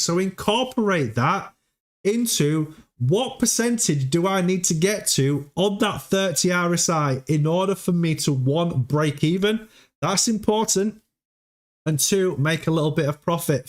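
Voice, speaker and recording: A man hosting a crypto livestream, talking casually and emphatically, often checking in with "okay?". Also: on the high side. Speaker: crypto stream host. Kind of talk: casual advice monologue.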